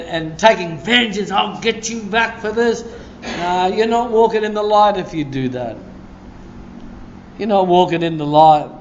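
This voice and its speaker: A man preaching a sermon as a pastor, telling stories with a lively delivery and breaking into shouts of praise. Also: high-pitched, slight background noise.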